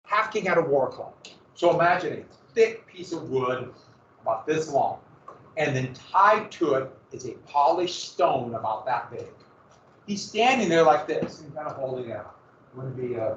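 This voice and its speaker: Male history teacher, slightly high voice, storyteller style with loud bursts, dull echoey classroom sound from a distance. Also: a little hiss or hum. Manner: vivid dramatic storytelling with sudden loud bursts. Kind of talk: classroom lecture.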